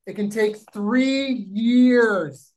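A man from Canada, a guest telling a long anecdote in a lively, rapid, casual way. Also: high-pitched, rough recording. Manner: animated, rapid, acts out voices in anecdotes. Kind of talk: casual storytelling.

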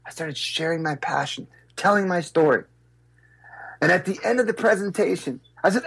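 Man, husky, a bit high-pitched, animated storyteller, interview guest. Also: normal speed. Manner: acts out voices and gasps, lively and expressive. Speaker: guest, speaker and business coach.

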